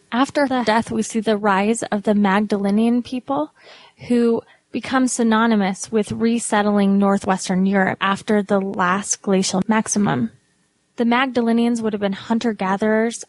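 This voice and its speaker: A woman's voice: medium pitch, a little mellow, no room sound. Woman host narrating a podcast.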